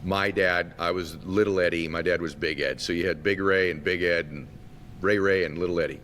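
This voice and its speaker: A man from Massachusetts, a guest telling a childhood story animatedly and acting out the voices. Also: fairly quick. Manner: animated storyteller who acts out quotes. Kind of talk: storytelling in a conversation. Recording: long reverb, faint rumble.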